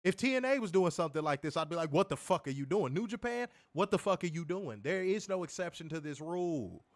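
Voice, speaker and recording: A man's voice: high voice, animated, quick pace. A man co-hosting a wrestling podcast, ranting heatedly with plenty of profanity in a casual, fired-up way.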